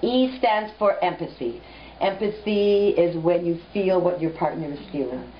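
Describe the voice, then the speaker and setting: A woman giving a lecture, talking directly to her listeners and telling stories in an animated way. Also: fairly low pitch, unhurried, slight background noise. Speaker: teacher. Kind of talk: storytelling lecture. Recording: muffled lo-fi recording.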